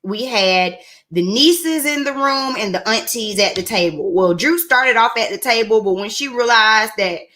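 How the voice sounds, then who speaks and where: A woman's voice: a little high, lively intonation, normal speed, bright, forceful tone. A woman giving a chatty, sassy recap of a reality show episode, with in her speech. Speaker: reality TV reviewer. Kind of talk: casual recap commentary.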